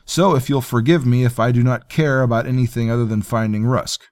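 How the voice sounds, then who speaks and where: A man's voice: medium pitch, fairly even intonation, fairly quick, darkish tone, no room sound, voice pushed up, close to an everyday voice. A man voicing a bold, stubborn young male commoner tracker who talks bluntly and plainly. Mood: insistent.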